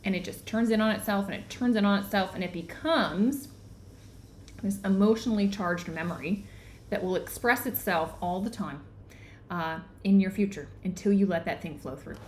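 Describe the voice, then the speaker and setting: A woman's voice: medium pitch, moderate pace, a little hiss or hum. Earnest woman teaching, checking in often. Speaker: book club host and teacher. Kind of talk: live online book discussion.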